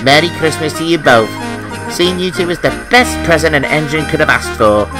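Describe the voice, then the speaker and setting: An eager young tank engine with a raised, springy voice, as a man puts him on for a storybook reading. He talks bright and excitable and turns huffy at times. Jingle-bell music plays clearly behind him. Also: fairly high pitch, moderate pace, pitched above the performer's own voice, close to an everyday voice, poor audio. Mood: earnest.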